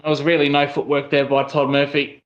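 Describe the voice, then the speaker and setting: A fairly high-voiced Australian man from South Australia calls a cricket match live on his stream. He chats casually to viewers and his voice leaps up with excitement when a wicket falls. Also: brisk, lo-fi sound. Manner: excitable, rises sharply on wickets. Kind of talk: casual live watchalong commentary.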